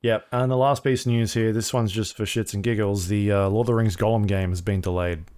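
A man co-hosting a casual games podcast, relaxed and loose, swearing freely. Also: lowish voice, brisk. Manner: relaxed, swearing, acts out silly skits in a raised voice. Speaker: podcast co-host. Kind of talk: casual chat.

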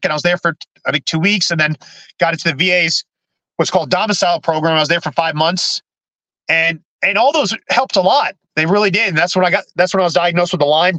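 Guy guesting on a podcast, high bright voice, keeps stumbling and restarting, dry close sound. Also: no room sound, low-quality recording. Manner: halting, frequent restarts and repeated words. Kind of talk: candid personal storytelling.

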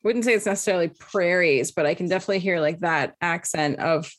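Interviewer: woman, curious and quick, lowish voice. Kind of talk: casual interview chat.

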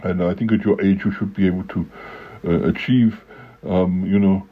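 A man doing a deep, husky pie-loving creature. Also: steady tone, no echo, phone-quality sound. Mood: boastful. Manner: rambling, halting, self-important. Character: pompous pie-eating male creature celebrity.

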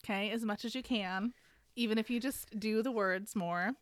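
A woman hosting a podcast, giving a chatty, animated casual recap of a book. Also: medium pitch, moderate pace, no room sound, clean studio sound. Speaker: podcast host.

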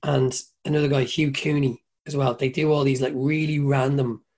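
A man's voice: medium pitch, little pitch movement, moderate pace, a little mellow, husky. A man with an Irish accent telling long, rambling stories in a casual chat, swearing freely and mimicking people.

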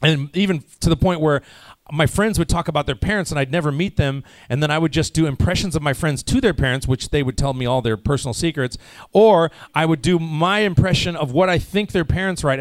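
Fairly high in pitch and recorded dry, this American man from the United States works as a voice actor. At a casual panel Q&A he responds to fans in a loose, talkative manner, restarting often and leaning on fillers, a bit jet lagged.

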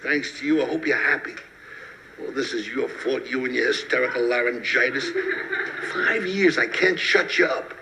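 A man's voice: mid-range voice, normal speed, vocal fry, pitched below the performer's own voice, close to an everyday voice. A man voicing a grumpy, exasperated middle-aged roommate who complains and bickers. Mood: irritated. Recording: loud background noise.

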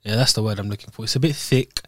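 A man's voice: fairly low pitch, fast talker, bright, forceful tone, no echo, studio quality. A young man from Scotland co-hosting a podcast in loose, rambling, jokey chat. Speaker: podcast co-host. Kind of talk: casual chat.

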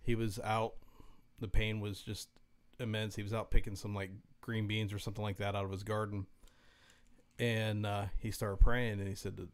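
A man with a low, flat, even voice co-hosts a casual talk podcast. He explains things haltingly and often restarts his sentences. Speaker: podcast co-host. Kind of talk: casual chat.

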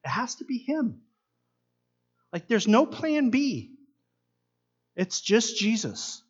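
A man's voice: very high voice, very animated, slow, slightly rough, dull audio. A man preaching a sermon, earnest and asking his listeners many questions. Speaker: pastor.

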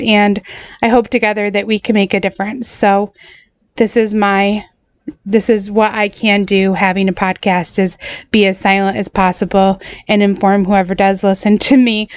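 A woman's voice: medium pitch, fairly even intonation, smooth, no room sound, dull audio. Earnest woman podcast host, choked up. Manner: earnest, halting, apologetic. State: choked up, voice sounds different. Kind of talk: solo podcast talk.

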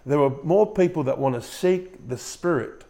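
A man's voice: fairly high pitch, expressive, normal speed, warm tone. A male pastor preaching a sermon, often repeating and restarting words and putting questions to the congregation. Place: church room with a congregation.

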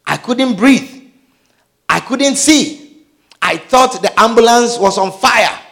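A man telling a dramatic personal testimony, his delivery swinging between hushed and shouted. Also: very high-pitched, expressive, slow, vocal fry.

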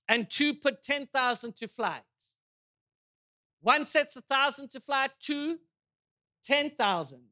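A male pastor preaching a sermon in a church, animated and joking, with rhetorical questions to the congregation. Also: very high voice.

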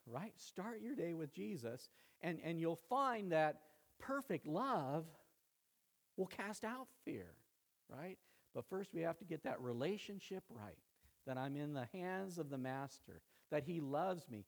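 A man's voice: a little high, big pitch swings, unhurried. A man preaching a sermon in a conversational way, often checking in with his listeners. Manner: conversational preaching, frequent "right?" check-ins. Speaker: pastor.

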